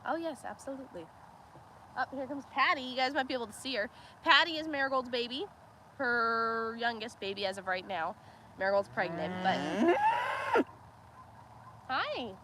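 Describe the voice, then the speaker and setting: A woman's voice: on the high side, sing-song, moderate pace, long pauses, background noise. Chatty woman livestreaming by a cow pen. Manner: chatty, laughs often, coos at the cows. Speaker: homestead livestream host. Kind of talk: casual livestream chat. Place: outdoors by a cow pen on a farm. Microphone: camera on a tripod.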